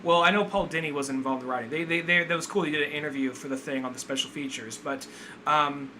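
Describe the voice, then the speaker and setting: A man co-hosting a podcast, talking over a movie in a relaxed, rambling way, dropping fillers and the odd curse. His voice is bright and forward, sitting slightly high for a man, with a faint hiss of noise in the background. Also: fast talker. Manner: loose, rambling, full of "like" and profanity. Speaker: podcast co-host. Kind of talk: casual movie review chat.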